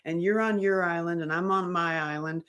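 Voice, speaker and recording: A woman talking casually to her viewers about healing, rambling and animated, often breaking off mid-sentence. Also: lowish voice, a little fast, clean tone. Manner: rambling, animated, self-interrupting. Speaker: author and survivor advocate. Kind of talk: casual livestream talk.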